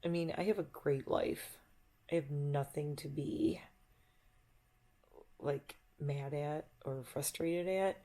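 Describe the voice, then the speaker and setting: A woman's voice: low-pitched, steady tone, slow, long pauses, warm tone. A middle-aged woman vlogger talking in a chatty, reflective ramble and laughing easily. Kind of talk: casual rambling monologue.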